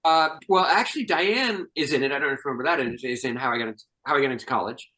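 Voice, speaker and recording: An older man, a guest filmmaker, chatting casually and telling animated behind-the-scenes stories with restarts and laughs. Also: mid-range voice, very fast, rough recording. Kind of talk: casual chat.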